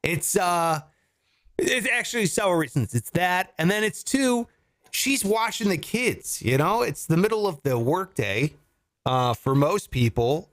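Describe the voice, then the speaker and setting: Guy hosting a comedy podcast from home, kinda high voice, bouncy and jokey, lots of ranting. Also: measured pace. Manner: animated, laughing, joking rants. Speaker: podcast host. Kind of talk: casual comedy podcast banter. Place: home studio.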